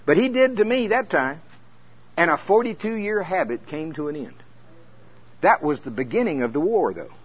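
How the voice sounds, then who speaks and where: Older male preacher, animated storyteller, slightly high voice, dull lo-fi sound. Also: husky. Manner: animated storytelling, acts out scenes. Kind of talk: sermon. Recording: dull lo-fi recording.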